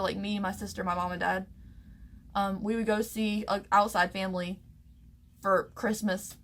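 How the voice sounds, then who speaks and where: A young Southern American woman vlogs to camera, sharing a personal story in a mid-range, fairly bright voice. She's emotional and halting, nearly in tears, full of fillers and false starts.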